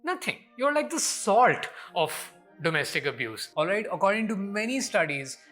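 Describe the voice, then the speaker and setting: A young man with an Indian accent rants through a comedy commentary, sarcastic and exasperated. His voice is bright and lively, leaping up and down in pitch, with faint music underneath. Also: moderate pace. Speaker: comedian and show host. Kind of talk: scripted comedy commentary rant.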